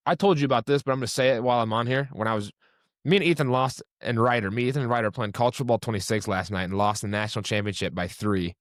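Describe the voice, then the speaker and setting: A man's voice: mid-range voice, quick pace, no echo, clean studio sound. A young man hosting a podcast, chatting casually and ranting with heat. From Indianapolis area, USA. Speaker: podcast host. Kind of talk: casual chat.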